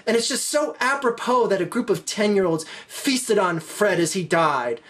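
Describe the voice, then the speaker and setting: Animated woman telling a joke. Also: normal speed. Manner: animated, voices swinging high and low. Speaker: joke teller. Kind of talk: comedic joke storytelling.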